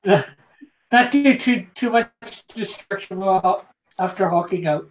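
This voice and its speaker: A man hosting a live drawing stream, reading viewer comments aloud in a halting way, with many fillers. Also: sits high, background noise. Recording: dull lo-fi stream audio.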